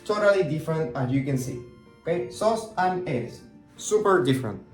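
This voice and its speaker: A man's voice: a little high, animated. Patient Argentine man teaching, roomy echo. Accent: Argentine Spanish. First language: Spanish. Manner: explains patiently, repeats words slowly, checks in with "okay?". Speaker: Spanish teacher. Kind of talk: online language lesson. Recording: roomy echo with faint music.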